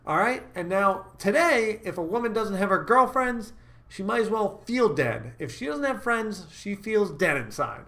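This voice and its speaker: A fairly high-pitched man talks straight to his viewers as a dating coach. He is upbeat and emphatic and keeps checking in with quick asides. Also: very animated, creaky, bright, forceful tone. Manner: upbeat, emphatic, frequent "all right?" check-ins. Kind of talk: direct-to-camera advice talk.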